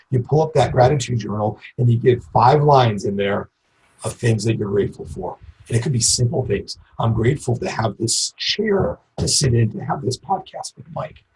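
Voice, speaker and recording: An upbeat man talks through sales advice as a podcast guest, his voice at a plain middle pitch. A faint hiss of noise sits under his voice. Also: mellow, poor audio. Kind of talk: casual interview chat.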